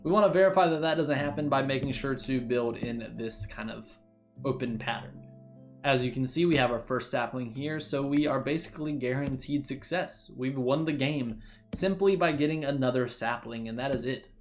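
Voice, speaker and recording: Joking young gaming host over music. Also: male voice, mid-range voice, moderate pace. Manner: jokey, rambling, self-correcting. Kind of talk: casual let's-play commentary. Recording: music playing behind the voice.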